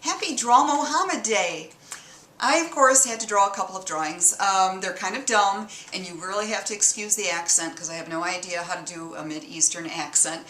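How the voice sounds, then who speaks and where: A woman's voice: medium pitch, moderate pace, pushed and bright, slight background noise. A woman from Detroit telling a story to camera in a chatty, self-mocking way. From Detroit, USA. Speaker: vlogger. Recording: roomy echo.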